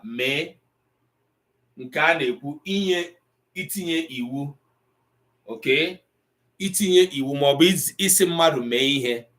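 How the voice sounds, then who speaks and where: A man teaching an online language class, pausing often with ums as he explains tone. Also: on the high side, a bit bright. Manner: slow, deliberate, with frequent ums and pauses.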